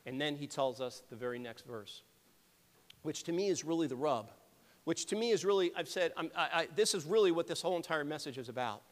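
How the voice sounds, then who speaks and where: A man preaching a sermon, earnest and emphatic, asking the congregation rhetorical questions and often clearing his throat. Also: fairly high pitch, lively intonation, fairly quick. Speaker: pastor. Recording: long reverb of a large hall.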